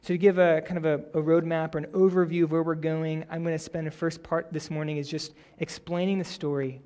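A young adult male pastor who prays quietly, then preaches a story-driven sermon with building energy. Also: a little high, fairly quick. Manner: prays softly, then preaches with rising energy and animated stories.

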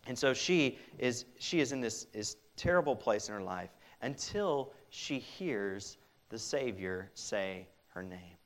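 Earnest man preaching an Easter sermon. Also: fairly low pitch. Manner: earnest, direct appeals to listeners with many restarts. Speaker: pastor.

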